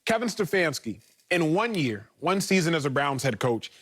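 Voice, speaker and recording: A man's voice: on the high side, very animated, normal speed, fairly bright tone. A man co-hosting a sports talk show, arguing his point confidently and building lists. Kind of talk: sports debate.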